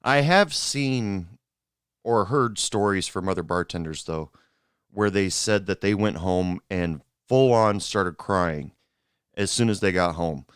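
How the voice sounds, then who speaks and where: A man's voice: low voice, slow, clear, resonant tone, no room sound, clean studio sound. A man hosting a show and telling bar stories in a rambling, casual monologue full of fillers and restarts. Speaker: podcast host, former bartender.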